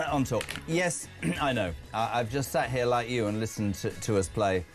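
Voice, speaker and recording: A man's voice: mid-range voice, normal speed, faint music behind. A man hosting a live breakfast talk radio show, chatty with wry asides while reading out listener messages.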